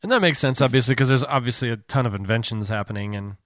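A man's voice: medium pitch, fast talker, no room sound. A man chats loosely on a podcast, trailing off with fillers as he goes. His voice sounds dry and close to the mic. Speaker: podcast co-host. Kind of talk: casual podcast chat.

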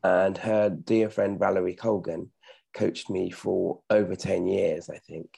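A middle-aged man chats modestly as an interview guest in a low, gravelly voice. His tone is dark and a little husky. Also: fairly even intonation, unhurried, soft background music. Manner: modest, chatty, self-correcting. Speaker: actor and podcast guest. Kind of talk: casual interview talk.

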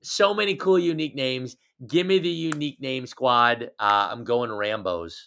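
A man's voice: medium pitch, normal speed, creaky, a bit bright, smooth. A man co-hosting a casual sports podcast, teasing and joking as he talks. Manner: playful, teasing, jokey. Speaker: podcast co-host.

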